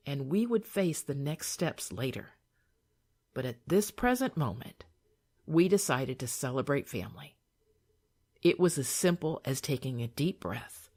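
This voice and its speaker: An older woman reading her own memoir aloud in a calm, soothing, measured way. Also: rumbling low.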